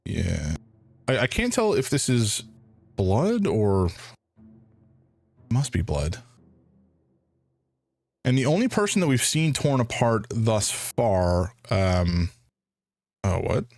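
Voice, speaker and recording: A man streams a detective game, puzzling things out aloud with hesitant restarts. His voice sits low but moves expressively. The sound is dry and close, with faint music behind him. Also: wildly swooping pitch, slow pace, vocal fry, long pauses, a little mellow, no echo. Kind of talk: casual live game commentary.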